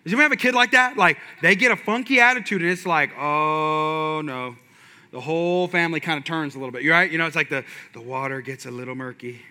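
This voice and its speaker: A man's voice: fairly high pitch, quick pace, few pauses, pushed and bright. A man in his thirties preaching a sermon with passion and energy, mixing in folksy asides. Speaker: pastor.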